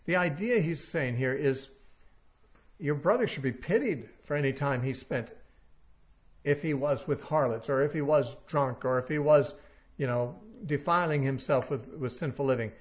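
A man's voice: medium pitch, moderate pace. A man giving a verse-by-verse Bible teaching, reasoning aloud and putting rhetorical questions to his listeners.

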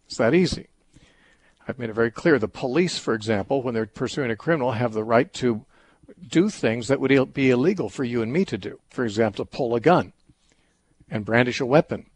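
A middle-aged man hosting a call-in radio show, calmly reasoning through a Bible question with everyday examples. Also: medium pitch, a little fast, no room sound. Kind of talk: call-in Bible teaching talk.

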